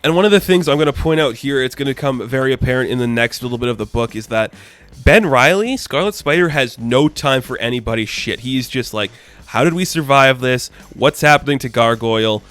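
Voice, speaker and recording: Male comic reviewer, mid-range voice, chatty and excitable, casual swearing, conversational recap. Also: medium pitch, brisk. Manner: enthusiastic, chatty, casual swearing, frequent laughs.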